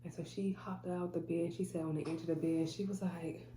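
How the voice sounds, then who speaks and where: A woman with a fairly low, mellow voice tells a personal story in earnest, voicing the people in it as she goes. She is recorded in an echoey room with a faint hum behind her. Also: fairly even intonation, fairly quick. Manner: earnest, quotes people in dialogue. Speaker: vlogger telling a personal story. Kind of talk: emotional storytelling to camera.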